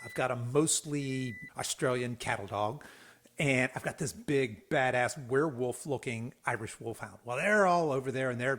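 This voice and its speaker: A man in his fifties from the Southeastern US hosts a podcast, telling a story in a casual, folksy, animated way with lots of restarts and laughs. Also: mid-range voice, moderate pace. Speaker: podcast host.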